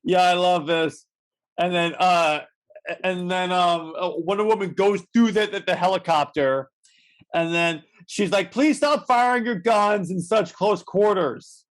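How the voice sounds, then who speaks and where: He has a high-pitched voice and talks a little slowly, co-hosting a podcast where he loosely recaps a comic. The telling rambles, with many restarts and quotes acted out.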